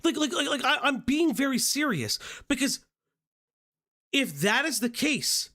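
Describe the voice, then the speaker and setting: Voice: sits high, sing-song, a little slow, bright, forceful tone. A streamer giving live reaction commentary, ranting with heavy profanity and exasperation.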